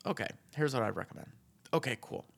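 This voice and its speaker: Male podcast host, casual rambling rant, gravelly fry, slightly husky edge. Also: expressive, fast, fairly bright tone. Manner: rambling, ranting, jumps high in pitch when exasperated.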